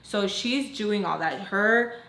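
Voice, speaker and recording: A young woman telling a personal story to her viewers in a chatty, animated way, full of fillers and acted-out quotes. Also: medium pitch, slow, gravelly, reverberant. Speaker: storytime vlogger. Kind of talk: casual storytelling.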